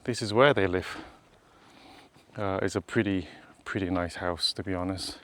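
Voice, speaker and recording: A man with a fairly low voice narrates his own outdoor walk in a casual, chatty way. He points things out to his viewers as he goes. Faint outdoor ambience sits behind him. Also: fairly even intonation, normal speed, a bit bright, slight background noise. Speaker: vlogger. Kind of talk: casual walking tour narration. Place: outdoors on a rural hillside road.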